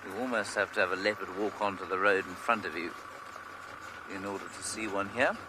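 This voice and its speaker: A man's voice: low-pitched, fairly even intonation, fairly quick, background noise. A man guiding a live game drive from a vehicle in the bush, explaining wildlife with dry humor. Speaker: safari guide. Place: open vehicle outdoors in the bush.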